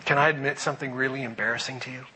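A middle-aged man preaching a sermon, animated, moving between loud emphasis and quiet reflection. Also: medium pitch, racing, noisy background. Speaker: pastor.

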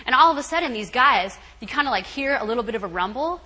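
A woman guest speaker tells a story at a retreat, chatty and animated. Her voice sits fairly high and sounds bright and forceful. She peppers her talk with casual asides to the listeners. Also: fast talker, slightly rough, poor audio. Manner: animated, chatty, fillers like "you know" and "right".

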